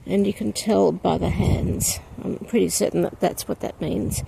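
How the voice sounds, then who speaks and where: Walking through an outdoor cemetery on a breezy day, a woman from outside Poland chats thoughtfully into her handheld camera, often saying um. Her lowish, gravelly voice keeps a fairly even intonation at normal speed against a noisy background.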